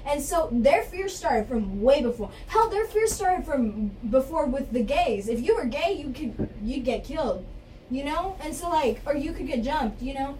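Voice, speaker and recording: A woman's voice: high-pitched, animated, normal speed, warm tone, a little hiss or hum. A woman making an earnest, insistent case in a casual group debate. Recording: distant mic, faint room ambience.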